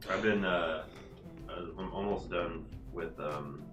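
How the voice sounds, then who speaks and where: A man's voice: deep voice, slow pace, reverberant, highs cut off, music in the background. A man chatting casually with a friend during a let's play, laid-back and joking in short remarks.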